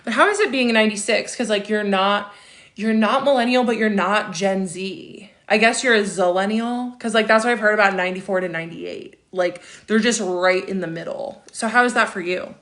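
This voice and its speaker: A woman's voice: medium pitch, normal speed, fairly bright tone. A woman in her thirties hosting a casual livestream, reading viewer comments aloud and answering them with chatty asides and frequent laughs. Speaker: livestream host.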